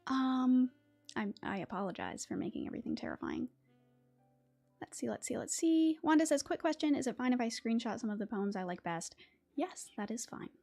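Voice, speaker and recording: A woman's voice: on the high side, very animated, normal speed, gravelly, darkish tone. Chatty woman host with faint music behind. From West Virginia. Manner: chatty, laughs often, many fillers and restarts. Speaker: YouTube host. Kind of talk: casual livestream chat and poetry reading.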